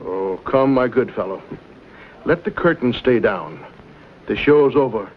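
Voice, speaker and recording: An actor playing a scheming villain who speaks with smooth, mocking courtesy. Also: male voice, medium pitch, animated, measured pace, natural voice. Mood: menacing. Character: suave scheming male villain in silken gloves. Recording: dull old TV audio with faint hiss.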